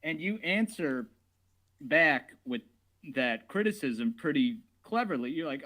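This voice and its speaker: A man co-hosting a casual stream, joking, swearing and slipping into quick impressions. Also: mid-range voice, expressive, a bit bright, low-quality recording. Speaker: stream guest co-host.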